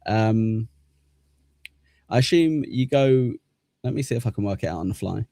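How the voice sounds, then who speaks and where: Guy on a stream thanking members, rambly and jokey, mellow low voice. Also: expressive, normal speed, no echo, studio quality. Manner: rambling and self-deprecating, with chuckles and fillers. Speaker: livestream host. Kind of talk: casual chat thanking channel members.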